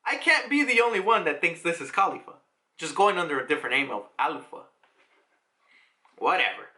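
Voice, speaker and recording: Animated, high, bright-voiced man. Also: fairly quick. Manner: animated and chatty, laughs often, swears casually. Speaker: manga reaction vlogger. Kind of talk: casual reaction commentary.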